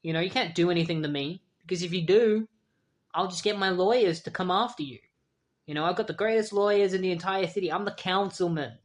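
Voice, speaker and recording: A reviewer voicing a smug, blustering male city councilman who boasts and threatens, in a quick comic-retelling style. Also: medium pitch, pitched above the performer's own voice, natural voice.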